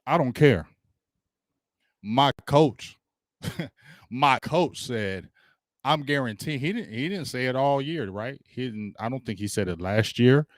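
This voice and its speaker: A man's voice: medium pitch, animated, unhurried, pauses often, dry recording, studio quality. A man hosting a casual sports livestream, hyped and slangy, greeting viewers by name as they join. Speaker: sports talk livestream host.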